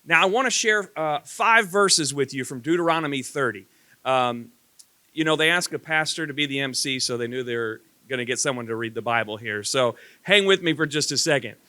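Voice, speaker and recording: A man who is a pastor serving as master of ceremonies at a banquet, speaking in a lively, preacherly way. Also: mid-range voice, a little fast, clear, resonant tone, no room sound. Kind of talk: emcee remarks at a banquet.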